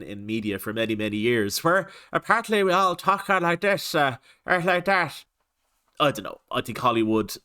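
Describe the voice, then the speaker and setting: A man's voice: mid-range voice, sharp tone. An Irish man hosting a casual reaction video, amused and laughing often as he comments. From Ireland.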